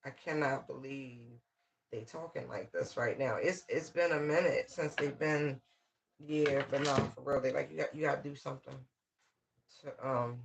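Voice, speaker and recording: A man's voice: medium pitch, normal speed, creaky. A man giving a casual, channeled tarot reading in loose, slangy, rambling talk full of fillers. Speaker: tarot reader.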